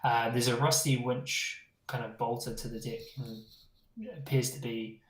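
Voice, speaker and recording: A man with a New Zealand accent narrating a tabletop game as game master, relaxed and pausing with ums as he describes the scene. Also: mid-range voice, slight background noise. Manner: relaxed, searching for words with ums. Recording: echoey room.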